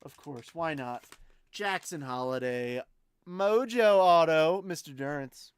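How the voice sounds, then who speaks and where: A man's voice: on the high side, takes it slowly, clean tone, no echo, studio quality. Chatty young man hosting a card break. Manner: chatty, excitable, talks to chat viewers by name. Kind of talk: live card-break commentary.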